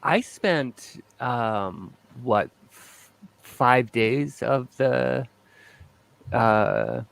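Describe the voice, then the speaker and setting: A man's voice: mid-range voice, drawn-out words, vocal fry, a bit bright. A man hosting a podcast, casually telling stories with dry jokes and plenty of swearing. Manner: joking, profane storyteller. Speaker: podcast host. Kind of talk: casual chat.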